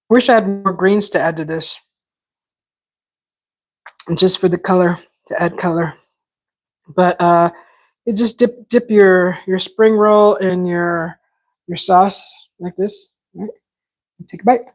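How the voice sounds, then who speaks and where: Slow relaxed woman hosting a cooking vlog. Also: on the low side, rough recording. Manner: relaxed, rambling, many fillers and restarts. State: talking with mouth full at times. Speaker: cooking channel host.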